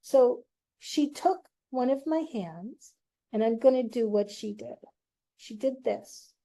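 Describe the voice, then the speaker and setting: A middle-aged woman hosting her own show, slowly and earnestly telling a personal story in a confiding way. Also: on the high side, creaky, warm tone. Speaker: host.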